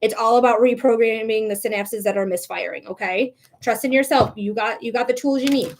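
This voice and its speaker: A woman's voice: a little high, a little fast, slight background noise. A woman giving live tarot readings on a stream, chatty and encouraging, talking straight to her viewers. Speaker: psychic reader.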